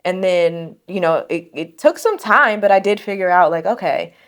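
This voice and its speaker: A young woman co-hosting a podcast in casual chat, telling stories with lively acted-out quotes. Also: fairly low pitch, moderate pace. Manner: animated storytelling, acts out quoted exchanges. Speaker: podcast co-host.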